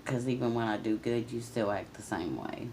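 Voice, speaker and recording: Woman, gravelly voice, raw confessional vlog; profane, emotional venting at absent people. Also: very deep voice, moderate pace, darkish tone, slight background noise, poor audio. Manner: addresses absent people directly.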